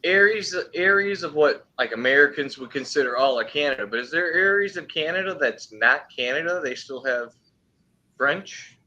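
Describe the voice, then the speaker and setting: A man's voice: fairly high pitch, lively intonation, moderate pace, bright, forceful tone, dull audio. A man calling into a stream, chatting casually in a laid-back way with short remarks. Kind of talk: casual voice chat.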